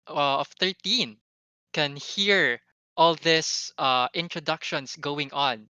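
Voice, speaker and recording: Slow, bright-voiced game master. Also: mid-range voice, clean tone, no room sound. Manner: slow, hesitant with uhs. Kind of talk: running a tabletop game.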